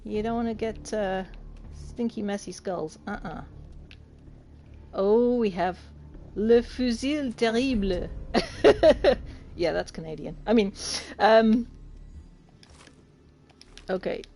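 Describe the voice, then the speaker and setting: A woman from the UK talks her chat through a game in an unhurried, rambling way. She laughs often and keeps up a steady, casual patter. A little music hums faintly behind her. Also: medium pitch. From United Kingdom. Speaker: game streamer. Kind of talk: casual gaming livestream chat.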